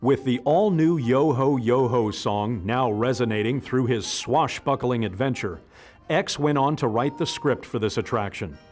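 Guy doing documentary narration, steady voice, faint music behind. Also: mid-range voice, measured pace. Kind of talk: scripted narration.

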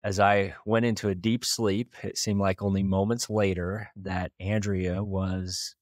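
A man's voice: low voice, flat delivery, a little slow, no echo, studio quality. A man from small-town Idaho, hosting a podcast and earnestly retelling a personal story with occasional chuckles. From small-town Idaho, USA. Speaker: podcast host.

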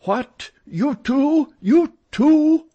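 A man doing an impatient, blustering male opera manager from an audiobook, his voice climbing into sharp, raised exclamations. The tone is lively and moves a lot, and the sound is slightly breathy. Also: fairly high pitch, slow, dull audio, voice pushed up, exaggerated voice. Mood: exasperated.

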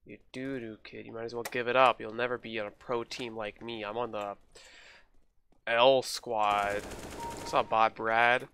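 A man's voice: mid-range voice, little pitch movement, measured pace, sharp tone, a little hiss or hum. A man hosting a gaming video, joking and trash-talking in casual commentary while he plays. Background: game gunfire and keyboard clicks.

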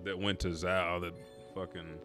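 A man's voice: low voice, level tone, unhurried, over music. Tired, profane, rambling young man. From Oklahoma, US. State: tired from staying up all night. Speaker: gaming streamer. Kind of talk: casual storytelling while playing.

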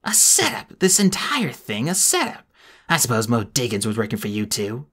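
A man voicing a volatile crime boss who shouts in a frantic, high-strung way for an audiobook. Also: fairly even intonation, fast, lightly acted.

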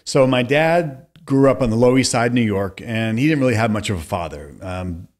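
A man's voice: mid-range voice, a little fast. Storytelling man in his fifties. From California. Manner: long animated anecdotes, acts out quoted voices. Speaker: podcast guest. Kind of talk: conversational storytelling.

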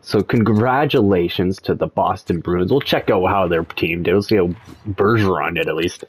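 Man giving relaxed game commentary. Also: low voice, normal speed, a little hiss or hum. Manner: relaxed, thinking aloud, excited by close results. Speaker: gaming channel host.

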